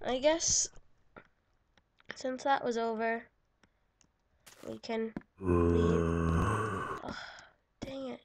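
Gravelly slow-talking woman narrating gameplay. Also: high voice, background noise. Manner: chatty, giggly, self-correcting. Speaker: gaming channel host. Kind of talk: casual let's-play commentary.

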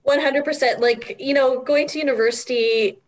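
A middle-aged woman talks as a guest in a casual interview, full of animated storytelling and quick laughs. Her voice sits a little higher than most. She has a chatty, open way of speaking.

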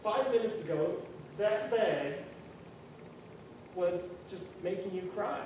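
A man's voice: sits high, lively intonation, takes it slowly. A preacher voicing a puzzled wise man. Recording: very echoey room, far from mic, faint noise.

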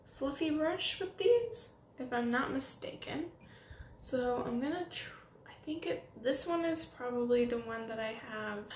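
A young woman doing a casual makeup tutorial at home, gushing and excitable as she talks while applying makeup. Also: a little high, slight background noise. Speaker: beauty vlogger. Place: home room with setting sunlight. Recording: roomy home recording with faint ambience.

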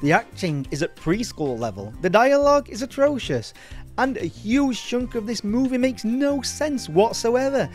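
A man's voice: very high voice, very animated, moderate pace, faint music behind. A man hosting a comedic film review, sardonic, mocking and sweary.

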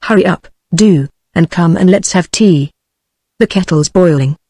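A woman's voice: fairly low pitch, a little slow, dark tone, no room sound, studio quality. A computer-generated woman's voice with a British English accent reading the fretful, complaining questions of a woman waiting at home.

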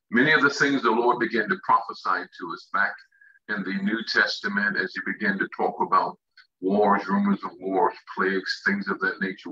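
Bright-voiced preacher man, muffled audio. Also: fairly low pitch. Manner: reads scripture slowly, then preaches with rising emphasis; calls out to the listeners with questions. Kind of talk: sermon. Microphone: online broadcast of a church conference session.

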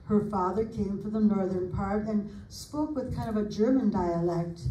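An older woman from the United States reading family recollections aloud in an unhurried, homely way, adding small asides as she goes. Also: medium pitch, warm tone, lo-fi sound, a little hiss or hum. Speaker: family historian presenter. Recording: roomy sound from a distant mic.

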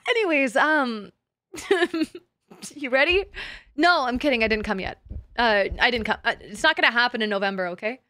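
A woman streaming a game, chatting with her audience in a giggly, excitable way full of crude jokes. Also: a little high, moderate pace, dry recording, shouting. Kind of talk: casual live-stream chat.

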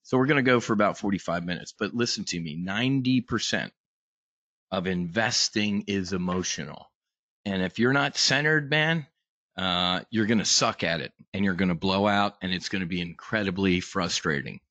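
A man's voice: deep voice, a little fast, pushed and bright, dry recording, highs cut off. A man hosting a live trading brief, talking casually with lots of fillers and restarts, blunt and sometimes profane. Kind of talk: casual live market talk.

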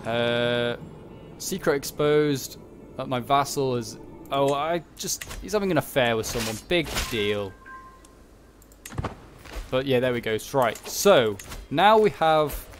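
A young man giving casual commentary on a strategy game, thinking aloud and muttering quick reactions. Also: medium pitch, expressive. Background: background music.

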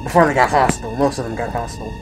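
A man narrating a homemade spoof news report over soft music, his voice at an ordinary middle pitch. He builds suspense, then slides into lively, animated storytelling. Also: very fast. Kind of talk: scripted mock documentary narration.

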